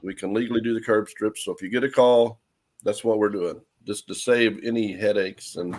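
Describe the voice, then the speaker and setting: A man's voice: fairly low pitch, fairly even intonation, moderate pace. A man in a casual conversation, explaining things in a plain, matter-of-fact way. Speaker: co-host guest. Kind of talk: casual chat.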